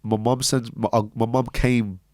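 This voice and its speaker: A young man from Birmingham, a podcast guest telling a personal story in an animated way that often checks in with the listener. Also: medium pitch, moderate pace, dry recording. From Birmingham, England. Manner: animated storyteller, often tags lines with "right?".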